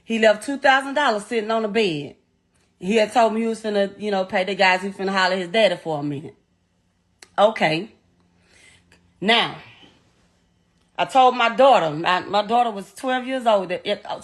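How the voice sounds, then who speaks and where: A woman's voice: medium pitch, moderate pace, pauses often. A middle-aged woman, bluntly and emotionally retelling a painful story as a bereaved mother, swearing often and repeating herself. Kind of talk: raw first-person storytelling.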